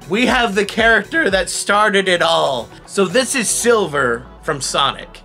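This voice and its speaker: A man, a voice impressionist, hosting a playful guessing game, animated and quick to laugh. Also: high voice. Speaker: voice impressionist, host.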